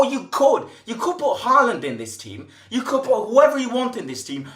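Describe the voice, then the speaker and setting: A man's voice: high-pitched, a bit bright. Exasperated man ranting in an echoey room. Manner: exasperated, swearing, repetitive ranting. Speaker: football fan channel host. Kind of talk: post-match reaction rant.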